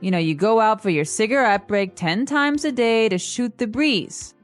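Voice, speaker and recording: A woman co-hosting an English lesson podcast, explaining everyday phrases with examples and acting out sample lines with lively inflection. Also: on the high side, moderate pace, soft background music. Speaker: co-host and English teacher.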